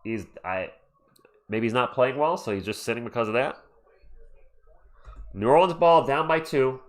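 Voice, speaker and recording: A man's voice: medium pitch, normal speed. A man hosting a casual livestream, calling a basketball game play by play and reading chat aloud into a desktop microphone at home. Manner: chatty, excitable, reads chat aloud. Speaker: livestream host. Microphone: USB desktop microphone.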